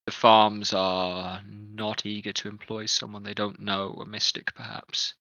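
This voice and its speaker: Easygoing game master. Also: male voice, fairly low pitch, completely flat delivery, a little slow, gravelly, bright, forceful tone, no echo, highs cut off. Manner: easygoing, chatty, stumbles over words. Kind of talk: narrating a tabletop game.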